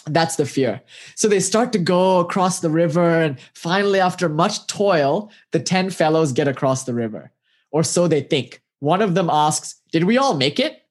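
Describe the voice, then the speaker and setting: Spiritual teacher telling parables, lively, keeps asking the listener stuff like "yes?" "no?". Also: mid-range voice, normal speed. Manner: animated, rhetorical questions, casual fillers. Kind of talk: storytelling talk with parables.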